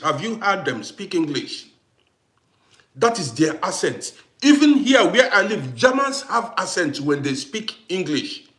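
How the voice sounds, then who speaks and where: A man from Africa, host of a live stream, chatting casually with viewers and turning heated and loud as he answers a critic. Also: a little high, echoey room. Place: home in Austria.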